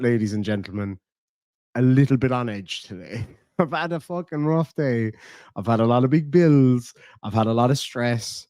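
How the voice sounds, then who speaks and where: A man's voice: mid-range voice, a little mellow, no room sound. An Irish man hosts a livestream in a loose, rambling way, swearing freely and reading out viewer donations as he goes. His voice sits in an ordinary middle register. The sound is dry and close, with no room around it. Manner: profane, rambling, reads out donations. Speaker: livestream host. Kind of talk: casual livestream chat.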